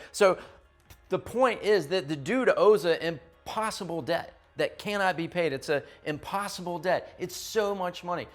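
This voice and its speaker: A young man preaching a youth sermon in an emphatic, conversational way, often checking in with his listeners. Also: a little high. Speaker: youth pastor.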